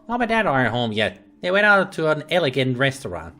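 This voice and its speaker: A man voicing a young boy who was left home alone, in a high, chatty kid voice. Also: sing-song, a little fast, pushed and bright.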